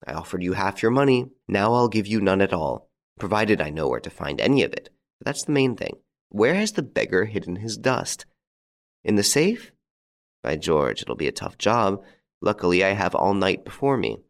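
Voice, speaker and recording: A man reading a low, gravelly, mocking gentleman thief. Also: sing-song, normal speed. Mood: cheerful. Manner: jaunty, taunting, theatrical. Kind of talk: audiobook character reading.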